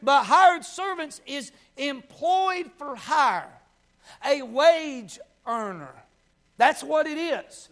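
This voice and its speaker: A male preacher with an Appalachian accent and a very high voice for a man. He preaches a fervent sermon, pushing up into shouts and asking the room for amens. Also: animated, slow.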